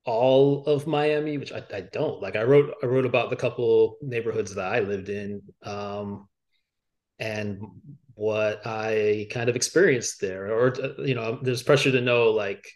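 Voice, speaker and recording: A man's voice: fairly low pitch, steady tone, unhurried, a little mellow, dull audio. Hesitant man, filler-heavy. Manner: hesitant, many fillers and restarts. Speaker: author guest. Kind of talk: reflective interview talk. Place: podcast studio.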